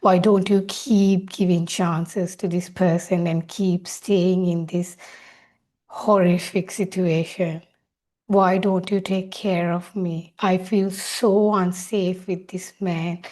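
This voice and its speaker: A woman's voice: fairly low pitch, little pitch movement, slow pace, mellow. A woman speaking as her listener's hurt, neglected inner child, asking one reproachful question after another. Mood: pleading.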